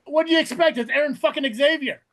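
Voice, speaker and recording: A high-voiced man co-hosting a casual podcast. He rants and swears freely and mimics the people he is mocking. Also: quick pace, a bit bright. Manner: profane, ranting, mocks others in quoted voices. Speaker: podcast co-host. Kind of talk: casual chat.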